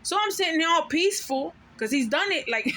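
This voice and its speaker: A woman's voice: very high-pitched, lively intonation, fairly quick, bright, forceful tone, slight background noise. A woman telling a personal story to camera in a profane, emphatic, venting way, now and then dropping Spanish slang. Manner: drops Spanish slang words. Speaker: mother of five.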